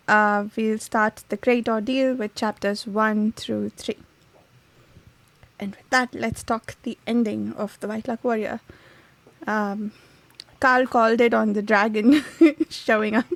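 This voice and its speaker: A woman's voice: a little high, gravelly, fairly bright tone, dry recording. A woman hosting a casual book discussion podcast, chatty, laughing often and searching for words. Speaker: podcast host.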